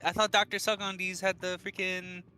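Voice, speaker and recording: A man with a fairly high, bright and sharp voice, clowning at the game table with crude gags and fake indignation. Light music plays in the background. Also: little pitch movement, normal speed, clean tone. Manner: goofy, crude jokes, mock outrage. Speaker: player. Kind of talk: playing a tabletop game with friends.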